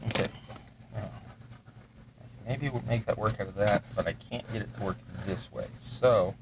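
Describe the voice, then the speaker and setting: A man's voice: lowish voice, normal speed, gravelly, noisy background. A man hosting a crafting livestream, casually narrating each step of his work as he thinks aloud at his workbench. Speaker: host of a terrain-crafting livestream.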